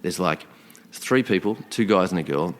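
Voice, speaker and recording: A man telling a long story in a casual, animated way, acting out the quoted thoughts of the people in it. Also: low-pitched, moderate pace. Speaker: podcast guest. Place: outdoor location.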